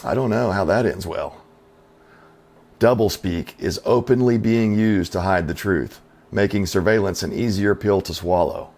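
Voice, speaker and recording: A man's voice: on the low side, measured pace, a little mellow. A middle-aged man hosting his channel, giving opinionated commentary in a folksy, skeptical way, with rhetorical questions and fillers. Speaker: channel host.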